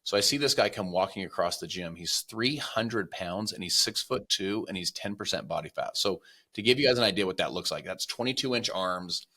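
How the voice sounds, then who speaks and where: A man with a very deep voice that has a bright, forceful edge, talking as a podcast guest. He tells motivational stories in an earnest way and puts on animated voices for the people he quotes. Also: brisk. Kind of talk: motivational storytelling.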